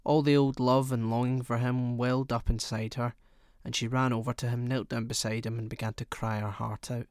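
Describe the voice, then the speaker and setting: A man narrating a short story in a measured storytelling manner. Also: medium pitch, flat delivery, a little mellow, dry recording, studio quality. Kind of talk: audiobook narration.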